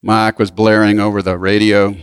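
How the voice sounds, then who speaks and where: A man preaching a sermon and telling a story, swinging from raised, emphatic lines down to hushed asides. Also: fairly low pitch, little pitch movement, moderate pace, clean tone, no room sound.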